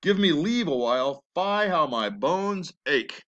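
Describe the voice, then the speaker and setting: A man's voice: fairly high pitch, animated, a little slow, a bit bright, lo-fi sound. A grumbling old nurse, read by a man. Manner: read aloud from the play text. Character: complaining old nurse woman, teasing and stalling.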